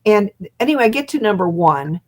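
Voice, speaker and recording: An older woman in her seventies, a hypnotist guest, telling an animated story over a video call. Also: mid-range voice, brisk. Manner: lively storyteller who acts out quotes and laughs.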